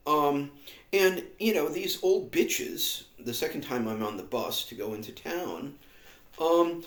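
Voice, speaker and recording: A man's voice: fairly high pitch, animated, unhurried, echoey room. A man vlogging in a rambling, sardonic monologue full of fillers and asides. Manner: sardonic, filler-heavy, meandering.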